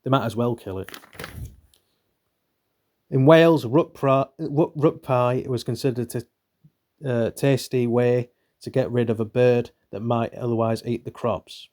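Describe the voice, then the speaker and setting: A man's voice: mid-range voice, steady tone, unhurried, a little mellow. A young man, reading a book aloud and breaking off for rambling, irreverent, swearing asides. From northern Britain. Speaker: channel host reading a book. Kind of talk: reading aloud with offhand commentary.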